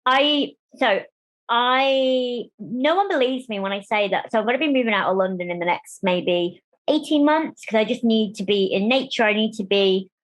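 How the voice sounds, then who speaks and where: A woman from Germany, a guest on an interview show, talking candidly and with animation about her life. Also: on the high side. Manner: animated, chatty, acts out quoted voices. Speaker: guest, disability rights campaigner.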